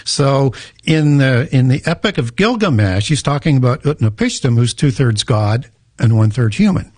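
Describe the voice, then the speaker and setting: A man's voice: medium pitch, very animated, normal speed, a little mellow, breathy edge, no room sound. A man explaining ancient myths as an interview guest, lecturing and correcting the host with frequent restarts. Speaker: guest author and researcher.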